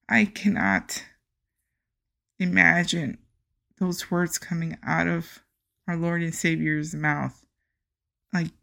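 Woman podcast host, low gravelly voice, slow impassioned delivery. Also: steady tone, a bit bright. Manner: impassioned, reads scripture slowly and emphatically. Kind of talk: earnest faith podcast monologue.

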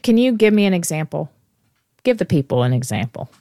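Chatty woman host, lowish voice. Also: big pitch swings, fairly quick, warm tone, dry recording, studio quality. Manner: chatty, hesitant, with lots of "like"s. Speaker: podcast host. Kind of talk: casual podcast conversation.

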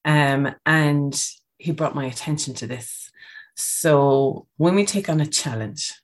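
A woman's voice: low voice, slow. A woman giving a casual, coaching podcast talk on breathing, often checking in with "okay?".

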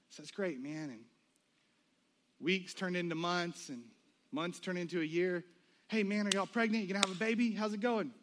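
A man's voice: sits high, normal speed, fairly bright tone. A man preaching a sermon, telling a personal story and acting out the voices of the people in it. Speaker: pastor.

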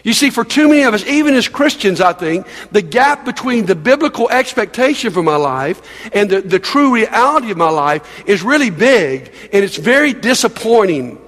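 A man's voice: high-pitched, sing-song, moderate pace, fairly bright tone. An older man, a pastor with grandchildren, preaching a sermon in a conversational way, asking the congregation questions and repeating words as he goes. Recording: long reverb of a large hall.

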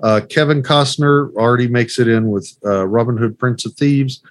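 A man's voice: medium pitch, moderate pace, dry recording. A man co-hosting a casual movie podcast, running through lists with lots of ums and restarts. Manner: rambling, filler-heavy list reading. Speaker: podcast co-host.

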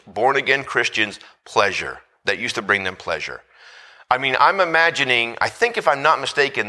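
A man preaching a sermon, telling a story in a conversational way with many restarts and quiet asides. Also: mid-range voice.

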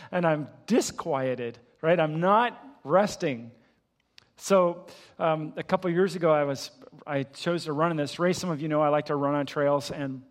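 Older male pastor, high-voiced, sermon with a story, reverberant sanctuary. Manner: storytelling, animated in the story, soft and hushed in prayer. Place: church sanctuary.

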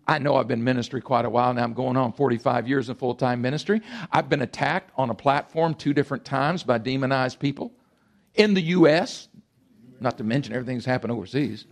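A man in his sixties preaching a sermon, emphatic and animated, swinging between loud bursts and quiet asides. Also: medium pitch, quick pace. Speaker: pastor.

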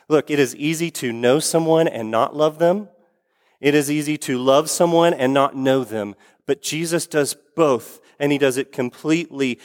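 A man preaching a sermon as pastor in a church sanctuary, earnest, repeating key phrases for emphasis. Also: fairly high pitch. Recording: long hall reverb.

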